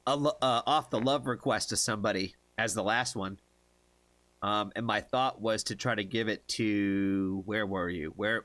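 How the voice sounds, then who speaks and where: A man's voice: lowish voice, fairly bright tone, no room sound. A man from the United States hosting a casual livestream, chatty, laughing often and tripping over hard names. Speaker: livestream reaction host.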